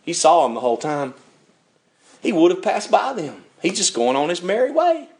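High-voiced older male preacher. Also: sing-song, normal speed, darkish tone. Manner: storytelling preacher, acts out voices, chuckles often. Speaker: pastor. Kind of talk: sermon.

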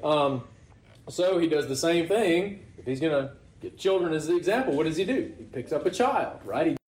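A man's voice: on the high side, lively intonation, normal speed, darkish tone, echoey room, rough recording. Man preaching a casual sermon. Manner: conversational, asks the listeners rhetorical questions. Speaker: pastor.

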